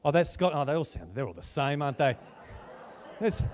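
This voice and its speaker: A man's voice: on the high side, animated, a little fast, a little mellow. A man pastoring a church, introducing a guest and then interviewing him on stage in a jokey, self-interrupting way. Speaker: pastor hosting a church service. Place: church auditorium.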